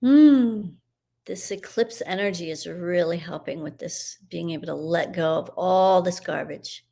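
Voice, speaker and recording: A middle-aged woman hosting a live broadcast and leading a guided energy clearing in a meandering, soothing, spiritual way. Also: on the low side, fairly even intonation, normal speed. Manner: meandering, spiritual, soothing, with soft laughs and fillers.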